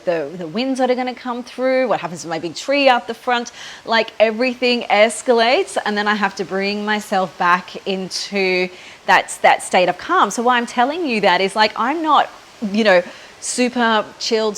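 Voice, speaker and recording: An Australian woman in her thirties chats loosely to her audience, rambling with frequent ums and likes. She holds her camera herself and talks outdoors on a breezy waterfront. A faint hiss runs under the recording. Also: medium pitch. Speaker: podcast host. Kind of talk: casual spiritual chat to camera. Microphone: handheld phone camera.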